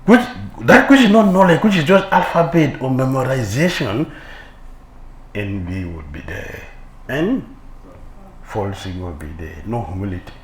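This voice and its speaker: A man's voice: medium pitch, sing-song, normal speed. A man giving a scripture sermon as a swami, firing rhetorical questions and mocking envy with a laugh. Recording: echoey hall with faint ambience.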